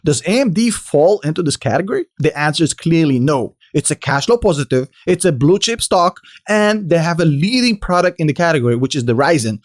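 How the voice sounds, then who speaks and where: A man with a delivery hosting a casual stock analysis vlog, confidently explaining and answering his own questions. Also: fairly high pitch. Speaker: finance video host.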